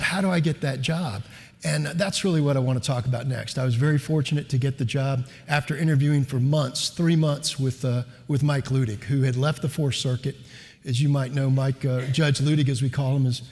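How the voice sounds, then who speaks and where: A middle-aged man giving a keynote speech, telling a personal story in a relaxed, conversational way with fillers, in a reverberant lecture hall. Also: mid-range voice. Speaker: keynote speaker, lawyer.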